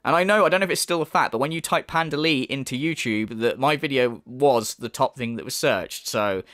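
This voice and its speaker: A man's voice: medium pitch, fairly quick, a bit bright, dry recording, clean studio sound. A man giving an angry, sarcastic commentary full of swearing and mockery. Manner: profane, mocking, sarcastic rant. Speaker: YouTube commentator.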